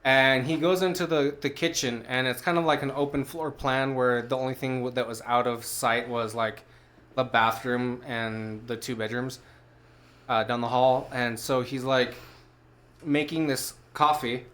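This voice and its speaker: A man talking loosely on a podcast in a mid-pitched voice, neither high nor low. He wanders through a story, restarting his sentences, dropping in curse words and filling pauses with "um." It sounds like easy, unscripted chat among friends. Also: fairly even intonation, fairly bright tone. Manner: rambling storyteller, loose and profane. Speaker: podcast co-host. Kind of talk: casual chat.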